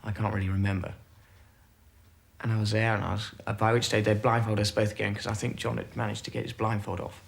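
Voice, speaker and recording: A man, a former military airman, recalling events haltingly in a documentary interview, with many pauses and fillers. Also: on the low side, flat delivery, creaky, breathy edge.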